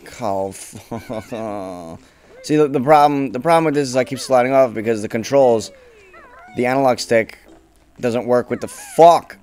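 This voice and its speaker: A young man commentating his own gameplay casually, swearing often and bursting into frustrated shouts. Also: medium pitch, normal speed, faint music behind. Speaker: let's play gamer.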